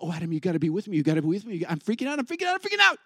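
A man's voice: sits high, wildly swooping pitch, rapid-fire, fairly bright tone, dry recording, studio quality, exaggerated voice. A man voicing Eve as a panicked young woman who keeps repeating herself and begs for company. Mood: panicked, pleading.

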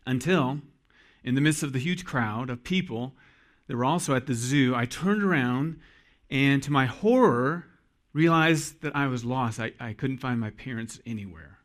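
A man in his forties, a pastor preaching a sermon to his congregation in an earnest storytelling manner, pausing for emphasis. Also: mid-range voice, expressive. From Iowa.

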